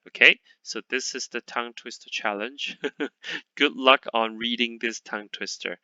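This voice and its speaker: A man teaching a lesson to a class in English, patient and repeating words slowly, checking in with "okay?" often. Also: medium pitch, steady tone, bright, forceful tone, no room sound, lo-fi sound. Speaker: Chinese teacher.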